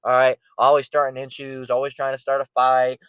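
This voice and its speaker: A man's voice: medium pitch, monotone, fairly quick, a bit bright, clean tone, no echo. A man giving an informal, blunt preaching rant, profane and repeating words as he gets worked up. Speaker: online preacher.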